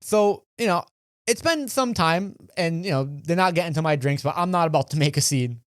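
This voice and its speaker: A man's voice: fairly high pitch, brisk, dry recording, studio quality. A young man co-hosting a podcast, casually telling a story and acting out other people's lines. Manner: animated, acts out quoted voices. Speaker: podcast co-host.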